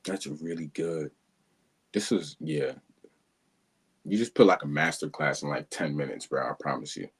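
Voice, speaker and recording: A man's voice: a bass voice, expressive, normal speed, pauses often, breathy edge. A man in a casual conversation, earnest and agreeable, reflecting on his own habits. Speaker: guest being coached.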